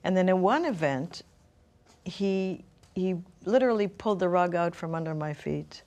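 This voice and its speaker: A woman's voice: fairly low pitch, expressive, normal speed, darkish tone. A middle-aged woman telling her personal story as an interview guest, thoughtful and searching for words.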